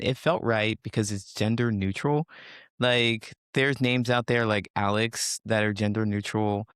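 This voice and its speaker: A man, a coach, talking reflectively in a podcast interview and sometimes acting out inner thoughts in a higher voice. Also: fairly bright tone, smooth, no room sound, clean studio sound. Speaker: social connections coach.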